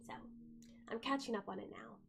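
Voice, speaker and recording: A creaky, fairly high-pitched woman's voice moves at a fairly quick clip. She's in her twenties, recovering from the flu with an occasional cough, and rambles through a casual live stream full of fillers while addressing her cat.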